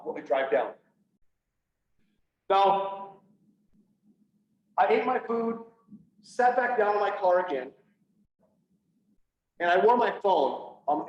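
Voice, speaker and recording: A man's voice: high-pitched, darkish tone. Man telling a raw personal story. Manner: candid, blunt, acts out quoted dialogue. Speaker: public speaker, police officer. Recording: echoey, distant, slightly dull, faint hiss.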